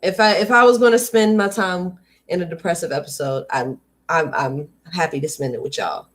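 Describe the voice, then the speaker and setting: A woman's voice: lowish voice, moderate pace. A woman hosting a live read-aloud stream, reading a book and talking candidly with viewers in a casual, chatty way. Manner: candid and conversational, drifting into riffs and asides to viewers.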